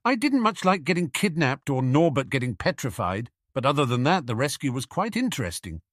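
A man voicing an odd, dreamy young woman in an audiobook reading, with a bright singsong lilt. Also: mid-range voice, sing-song, fairly quick, no echo, clean studio sound, pitched above the performer's own voice. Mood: chirpy.

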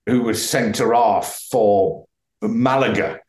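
A middle-aged man tells stories in a casual podcast chat and laughs often along the way. His pitch sits in the middle, and the recording carries a roomy echo. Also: slow pace, a little mellow. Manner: chatty, laughs while telling stories. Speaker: podcast guest, broadcaster.

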